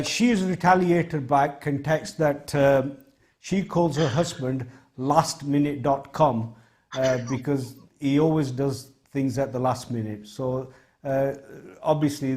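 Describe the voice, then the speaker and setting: A man's voice: medium pitch, a little mellow. A man from the United Kingdom hosting a TV talk show, reading out viewer texts in a polite, brief way. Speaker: host.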